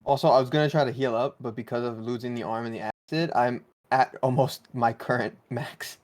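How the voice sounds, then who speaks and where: A man's voice: mid-range voice, fairly even intonation, fairly quick, darkish tone. A man playing a tabletop game, laid-back and chatty. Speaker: player. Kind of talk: casual game chat.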